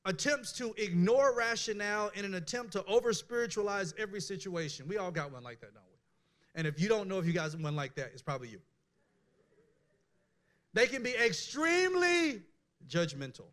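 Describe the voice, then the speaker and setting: High-voiced man preaching a casual sermon. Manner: candid and animated, many restarts. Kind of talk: conversational sermon.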